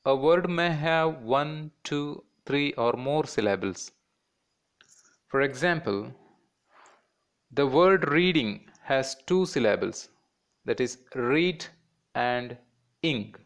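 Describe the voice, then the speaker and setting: A man's voice: fairly high pitch, expressive, slow pace, long pauses. A man teaching a children's class in Indian English, patiently repeating words and breaking them into syllables.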